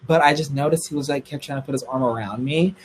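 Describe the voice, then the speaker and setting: On a livestream, a young man tells a story in a casual, gossipy way, talking fast in a husky voice, swearing freely, and squealing high whenever he gets excited. The audio quality is poor.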